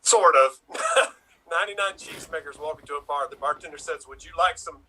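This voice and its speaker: Very bright-voiced man telling quick jokes. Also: a little high, a little hiss or hum, low-quality recording. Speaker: improv player.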